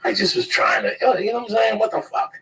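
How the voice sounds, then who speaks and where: A man's voice: high voice, level tone, fast talker, creaky, sharp tone, distant mic, low-quality recording. A man telling a rambling, profane story in casual chat, laughing at his own tale.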